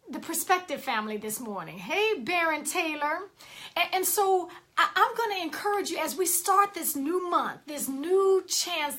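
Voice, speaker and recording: A woman coach giving a lively, emphatic motivational talk on a live stream and greeting viewers by name. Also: high voice.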